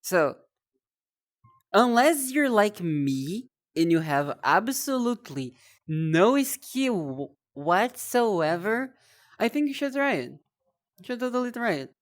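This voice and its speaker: A woman's voice: medium pitch, very animated, slow pace. A young woman streaming live, chatting casually in a rambling, self-deprecating way, often stumbling over and repeating her words.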